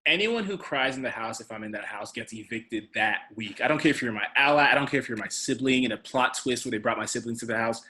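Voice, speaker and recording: A man's voice: medium pitch, pushed and bright. A man co-hosting a podcast, chatting casually and giving blunt, opinionated takes. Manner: blunt and opinionated, quick-talking. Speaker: podcast co-host. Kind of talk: casual chat.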